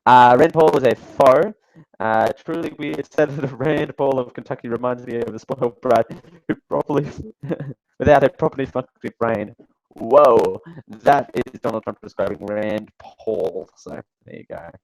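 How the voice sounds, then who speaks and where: A male host talks through casual commentary with a dry, sarcastic edge, wandering off and restarting his sentences. His voice has a gravelly fry to it, and he sounds close and dry with no room around him. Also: mid-range voice, normal speed, darkish tone, dry recording, poor audio. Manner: sarcastic, rambling, with frequent fillers and restarts. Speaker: show host.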